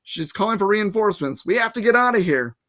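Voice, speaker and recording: A man reading a storybook aloud, voicing a bossy young girl hero who shouts urgent warnings. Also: high voice, animated, quick pace, voice pushed up.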